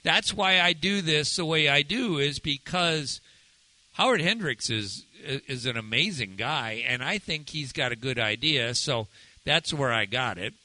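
A male pastor delivers a sermon in an earnest, measured way, drawing out the words he wants to land. His voice is sharp and very bright, a little higher than most men's, and it sounds close and dry. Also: expressive, dry recording, poor audio. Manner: earnest, measured, slows down to stress key phrases.

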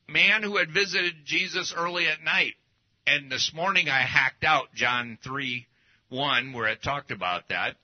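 A man preaching a casual teaching sermon, folksy and anecdotal, talking through slides as he goes. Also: fairly high pitch. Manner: folksy, anecdotal, speaks while showing slides. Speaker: pastor. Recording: dull lo-fi recording.

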